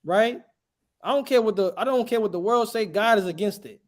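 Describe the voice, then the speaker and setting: A man's voice: sits high, fairly quick. A man preaching a street sermon in an emphatic, questioning way, throwing rhetorical questions at his listeners.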